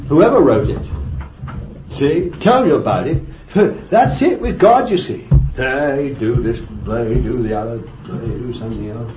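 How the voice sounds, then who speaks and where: A man's voice: mid-range voice, animated, a little slow. A man preaching a sermon with fervent exclamations of praise and bursts of laughter. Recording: echoey, dull, lo-fi recording with faint noise.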